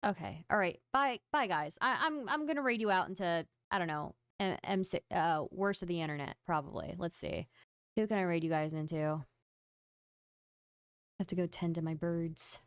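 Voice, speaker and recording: This woman's voice sits on the low side, clear and resonant, at a moderate pace. On her livestream she chats casually with viewers, playful and self-mocking, speaking directly to chat. The studio-quality audio has no echo.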